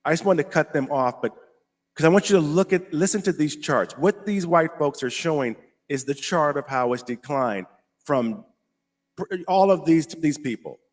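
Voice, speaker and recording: An American man hosting a casual commentary show, talking emphatically, repeating himself and slowing down to stress his points. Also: a little high, animated. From United States. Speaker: host.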